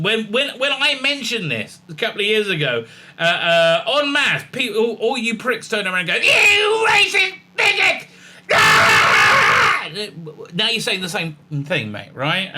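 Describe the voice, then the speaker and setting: A man talks through a rambling, sarcastic commentary, reading bits of articles aloud and stopping often on fillers and restarts. His voice is fairly high and bright, with a sharp, forceful edge. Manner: sarcastic, mocking, often puts on silly gushing voices; many fillers and restarts, reads out article passages. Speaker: commentary channel host. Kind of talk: casual ranting commentary.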